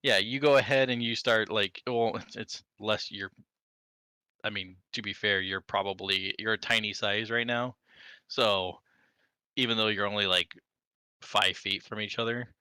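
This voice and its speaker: A man's voice: fairly low pitch, steady tone, measured pace, bright, forceful tone, clean tone, no echo, clean studio sound. A man narrating as game master over a voice call, in a loose, chatty way with many fillers.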